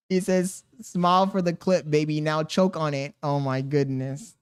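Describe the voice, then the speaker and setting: A man's voice: a little high, steady tone, moderate pace, few pauses, clear, resonant tone. A man livestreaming casually, coaxing a baby in baby talk, reading viewer messages aloud and bantering with loose, profane slang. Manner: reads viewer messages aloud between remarks.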